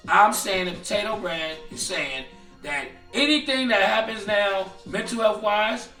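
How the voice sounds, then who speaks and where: Bright, high-voiced man in casual chat. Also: a little slow, roomy sound, far from the mic, soft background music. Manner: animated, profane, repeats and restarts phrases. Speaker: podcast co-host.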